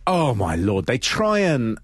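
Male podcast co-host, animated pitch, dry close sound, sweary and joking. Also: slow, slightly rough, no room sound. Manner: sweary, jokey, puts on silly voices. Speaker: podcast co-host reviewing wrestling events. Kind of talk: casual chat.

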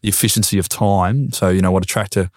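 A man's voice: low-pitched, fairly even intonation, fast talker, darkish tone, dry recording, clean studio sound. A man in his thirties with an Australian accent, a former footballer talking as a podcast guest. He is earnest and reflective, and he often repeats words while he works out a thought. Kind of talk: casual conversation.

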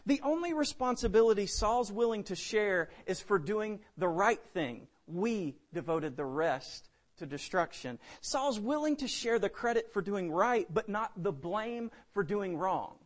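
Male preacher, high voice, dynamic delivery with big swings in volume. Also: lively intonation, a little slow, hardly any pauses. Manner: dynamic, swings between loud emphasis and hushed drops. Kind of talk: sermon.

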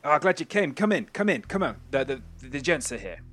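A big, friendly mechanic greets his guests in a bright, raised voice, as a man acts him out. He sounds eager and a bit hurried, ushering everyone in. It is a character voice from a tabletop role-playing game. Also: mid-range voice, big pitch swings, soft background music, voice pushed up. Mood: welcoming. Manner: welcoming, hurried. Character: friendly burly male mechanic, eager host.

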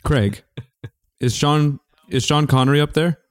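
A man's voice: fairly high pitch, measured pace, dry recording. A man co-hosting a comedy podcast, tossing out wry, teasing questions. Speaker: podcast co-host. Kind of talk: comedic banter.

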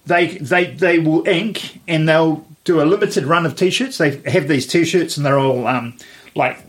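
A man's voice: fairly high pitch, a little slow. A man co-hosting a podcast in casual chat, rambling with lots of fillers and restarts. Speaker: podcast co-host.

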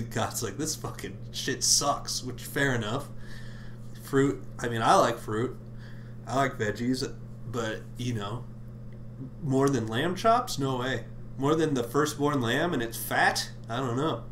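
A man's voice: mid-range voice, slow pace, a bit bright, slight background noise. A man hosting a podcast, reading scripture aloud with irreverent comic commentary, swearing and laughing between lines. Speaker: podcast host. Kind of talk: comedic Bible reading with commentary.

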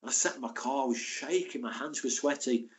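Older male guest, lively yarn-spinner, chatty asides. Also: medium pitch, a little fast. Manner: lively, acts out the voices in his stories; chatty, frequent asides like "mate" and "and that". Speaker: podcast guest, former footballer and physio. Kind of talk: anecdotal storytelling.

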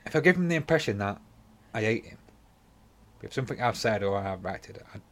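A man's voice: on the low side, fairly quick. A man co-hosting a casual podcast, telling a long rambling anecdote and bantering with his co-host. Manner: rambling storyteller, animated when joking. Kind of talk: casual chat.

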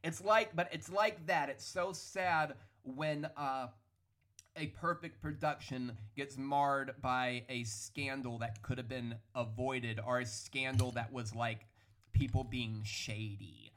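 A man hosting a solo podcast, ranting in an animated, opinionated way with a hoarse, worn-out voice. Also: medium pitch, slow pace. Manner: animated, opinionated, hedging with "allegedly". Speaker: podcast host. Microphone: studio podcast microphone.

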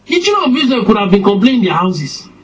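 A man preaching a sermon, slow and emphatic, his voice swinging up and down for effect. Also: high voice, very animated, husky, rough recording.

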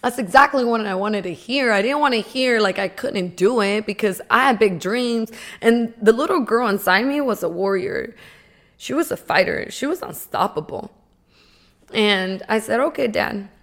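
A young woman, a motivational speaker, telling a personal story in an emphatic, animated way and often saying "like". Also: a little high, normal speed.

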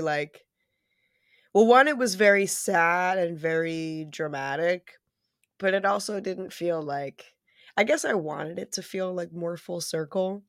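A woman co-hosting a casual podcast chat, joking and blunt, swearing and thinking out loud. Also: on the low side, no room sound, studio quality. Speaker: podcast co-host.

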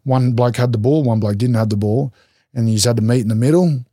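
Blunt, swearing Australian man, mellow voice. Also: mid-range voice, fast talker, no room sound, studio quality. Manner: blunt, swears freely, acts out quotes. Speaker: rugby league player, guest. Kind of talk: casual storytelling interview.

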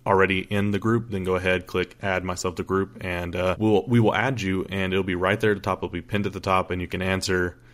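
A man's voice: low voice, flat delivery, fairly quick, hardly any pauses, fairly bright tone. A young man co-hosting a podcast, telling a story in casual chat, joking and rambling with lots of fillers and restarts. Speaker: podcast co-host.

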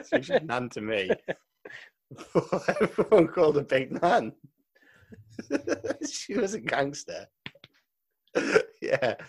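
A man's voice: on the high side, sing-song, takes it slowly, vocal fry, pauses often, husky. A man co-hosting a podcast, chatting casually and telling jokey stories, swearing freely and laughing often. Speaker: podcast co-host. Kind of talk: casual banter.

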